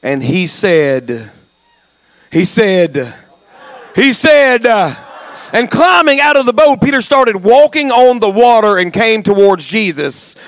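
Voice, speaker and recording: A male pastor preaching a sermon, jumping from folksy jokes to shouted exhortation. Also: high-pitched, expressive, slow pace, no echo. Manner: passionate, swings from quiet asides to shouted exhortation; folksy, joking asides. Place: church sanctuary.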